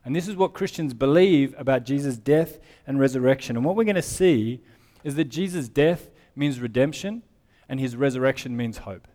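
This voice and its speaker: A man's voice: medium pitch, normal speed, dark tone. A man preaching a sermon, who explains scripture in a conversational way and reads passages aloud. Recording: long hall reverb.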